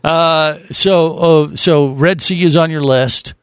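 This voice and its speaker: A man's voice: fairly high pitch, slow, a bit bright, clear, resonant tone, no room sound, clean studio sound. A man hosting a casual podcast chat, rambling with lots of fillers and restarts. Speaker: podcast host.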